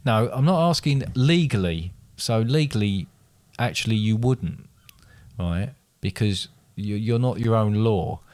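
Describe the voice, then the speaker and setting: A man with a lowish voice runs a relaxed quiz between friends. He reads the questions aloud, stumbles and starts them over, and teases his guest as he goes. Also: measured pace. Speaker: quiz host. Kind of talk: casual quiz chat.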